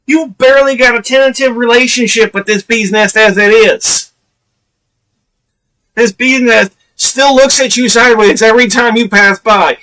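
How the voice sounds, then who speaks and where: A man's voice: very high-pitched, steady tone, measured pace, pauses often, pushed and bright, distant mic, rough recording. Profane, laughing man streaming from afar. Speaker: live streamer. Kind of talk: casual live-stream commentary.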